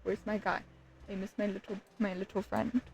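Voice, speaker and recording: A young woman gushing with giddy excitement as she talks through a cozy game, repeating herself. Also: medium pitch, moderate pace, gravelly, a little hiss or hum, rough recording. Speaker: gaming video creator. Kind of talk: excited casual gameplay commentary.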